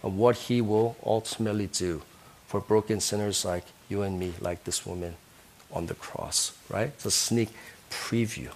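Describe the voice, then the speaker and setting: A man's voice: fairly low pitch, fairly even intonation, moderate pace, a little hiss or hum. A man preaching a sermon as a pastor, earnest, who keeps asking his listeners questions and ending points with "right?".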